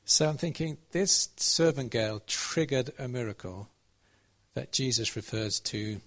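A man's voice: medium pitch, unhurried, a bit bright. A man preaching a conversational sermon, telling a Bible story and checking in with his listeners. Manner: conversational, asks the audience questions.

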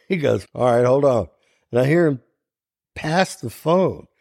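An older man from Ohio, a songwriter guest, telling an animated anecdote in an interview and acting out the voices in it. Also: medium pitch, measured pace, gravelly, dry recording, clean studio sound. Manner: animated anecdote telling, acts out quoted voices, laughs often. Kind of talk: storytelling interview.

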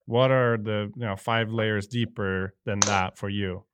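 A man's voice: on the low side, fairly even intonation, unhurried, a bit bright, slight background noise. A man hosting a podcast for a coaching company, asking thoughtful, probing questions. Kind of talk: conversational interview.

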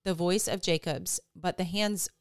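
A woman reading the lines of an old blind father, gently questioning. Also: lowish voice, fairly even intonation, a little slow, no room sound, studio quality. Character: old blind father Isaac, frail and wary.

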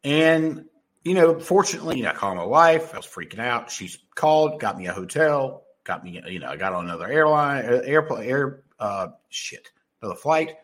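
A husky-voiced man tells a rambling story in a casual, profane monologue. His pitch swings widely as he talks, and he trips over restarts and fillers constantly. He sounds like a host talking straight to his listeners. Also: expressive, moderate pace, fairly bright tone.

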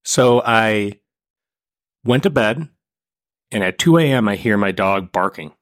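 A young man co-hosting a podcast, telling stories in a casual, animated way and acting out quotes. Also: fairly low pitch, unhurried, dry recording, clean studio sound. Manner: animated storyteller, acts out quotes. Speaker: podcast co-host. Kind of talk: casual chat.

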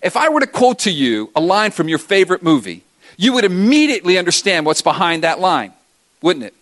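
Man, pastor, sermon, high-pitched, conversational, rhetorical questions, addresses the congregation. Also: very animated, brisk, fairly bright tone. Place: church before a congregation.

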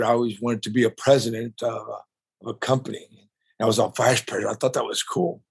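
An older man, a guest on a podcast, telling stories about his family business in a warm, reflective way. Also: mid-range voice, breathy edge. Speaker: guest, family restaurant owner. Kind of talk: casual interview storytelling.

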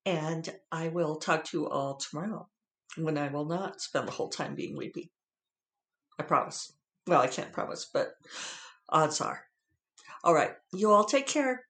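A man's voice: a little high, animated, unhurried, pauses often, fairly bright tone. A man hosting a casual solo podcast, teary and emotional, rambling with many fillers and restarts. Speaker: podcast host. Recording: roomy echoey room.

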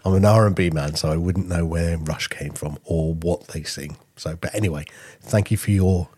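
A man's voice: a bass voice, steady tone, normal speed, a little mellow, husky. A man co-hosting a podcast in jokey, laughing banter. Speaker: podcast co-host. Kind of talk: casual podcast chat.

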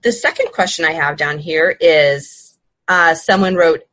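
A woman hosting a podcast, giving casual, unhurried advice with frequent fillers and restarts. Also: on the low side, a bit bright, no echo, low-quality recording. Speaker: podcast host.

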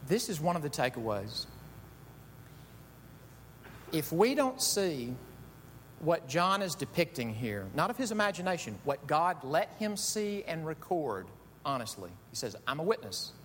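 A middle-aged man preaching a sermon, telling stories with animated delivery that swings from quiet asides to loud shouts. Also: measured pace, long pauses. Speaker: pastor. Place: church sanctuary. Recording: echoey hall with faint rumble.

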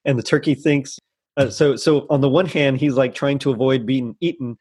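A man's voice: mid-range voice, fairly even intonation, moderate pace, a little mellow, breathy edge. A man co-hosting a casual podcast chat, rambling with lots of fillers and frequent laughter. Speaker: podcast co-host. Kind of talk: casual chat about a holiday special. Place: lives in the U.S. South.

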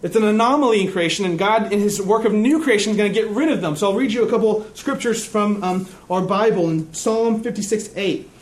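A man preaching a sermon in a church, earnest and measured, dropping to a hushed tone in reflective stretches. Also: high voice. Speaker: pastor.

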